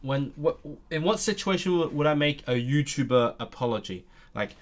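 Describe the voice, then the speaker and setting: A man's voice: fairly high pitch, lively intonation, normal speed, hardly any pauses. Man thinking aloud with many ums. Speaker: language learner streaming. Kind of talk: casual live-stream chat.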